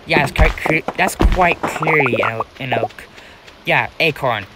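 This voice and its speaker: A man's voice: medium pitch, measured pace, very noisy. A young American man giving rambling, casual commentary while playing a farming game, talking to himself with many restarts. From United States. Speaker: gaming channel host.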